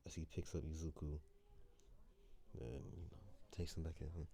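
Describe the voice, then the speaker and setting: A man improvising a fan story out loud, rambling and hesitant with many restarts. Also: a bass voice, normal speed, vocal fry, slight background noise.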